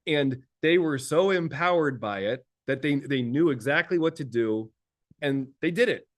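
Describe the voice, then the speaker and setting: Animated male coach telling stories. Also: a little high, moderate pace. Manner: lively storyteller who laughs often; repeats words while thinking. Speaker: executive coach. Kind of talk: casual conversational talk.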